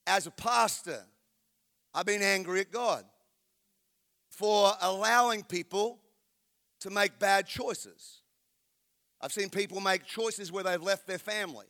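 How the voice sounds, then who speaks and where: A pastor, preaching a sermon in a candid, storytelling, emphatic way. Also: male voice, high-pitched, takes it slowly, long pauses, pushed and bright.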